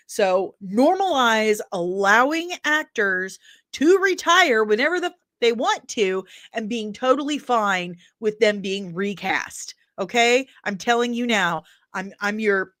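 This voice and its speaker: A woman in her forties with a Midwestern American accent, hosting a casual pop culture chat in an animated, ranting, jokey way. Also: on the high side, unhurried, dry recording, studio quality. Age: 40s. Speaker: pop culture news host.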